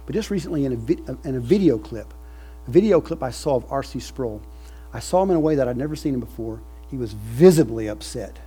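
A man preaching a sermon, moving from quiet reflection to loud, emphatic passages. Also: medium pitch, animated, fairly quick, breathy edge. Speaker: pastor.

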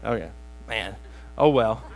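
A man preaching a sermon, telling a joke with slow pauses and plain asides to the congregation. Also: on the low side, lively intonation, some chatter behind, a little hiss or hum, rough recording. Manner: storytelling with pauses, self-deprecating asides. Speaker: pastor.

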